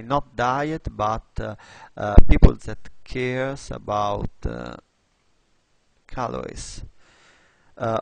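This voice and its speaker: A man from Italy with an Italian accent, tutoring on design while thinking aloud, halting with many fillers and restarts. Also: lowish voice, gravelly. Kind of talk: screen-recorded tutorial.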